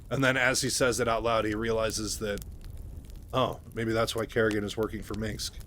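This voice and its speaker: A man's voice: on the low side, level tone, normal speed, fairly bright tone, slight background noise. A man casually retelling a book, chatty with fillers and asides. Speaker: storyteller.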